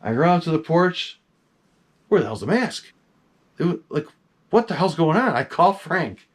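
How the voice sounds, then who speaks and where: Animated man telling a story. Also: fairly high pitch, moderate pace. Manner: animated, excitable, swears casually. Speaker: collector showing his masks. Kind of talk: casual storytelling to camera.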